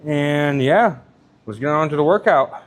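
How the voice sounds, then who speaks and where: A man's voice: on the high side, expressive, unhurried, no echo. A young man talking casually about his leg workout in a fitness vlog, rambling and out of breath. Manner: rambling, casual, filler-heavy. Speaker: fitness vlogger. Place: gym, then in a car.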